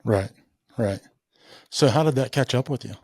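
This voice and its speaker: A man's voice: medium pitch, moderate pace, creaky, darkish tone, slightly rough, dry recording, clean studio sound. A man hosting a podcast interview, giving brief, supportive responses. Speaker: podcast host. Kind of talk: interview listening.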